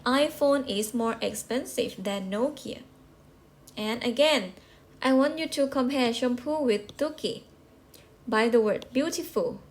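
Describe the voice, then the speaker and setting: Slow, patient woman teaching English. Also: on the high side. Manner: patient, repeats and checks with rhetorical questions. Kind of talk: slow classroom explanation.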